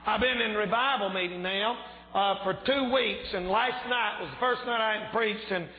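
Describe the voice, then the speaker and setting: In a tinny, phone-quality recording with a lingering echo off the church hall, a high-voiced male pastor delivers a fervent revival sermon at normal speed. He shouts each point, and his voice sounds a bit strained.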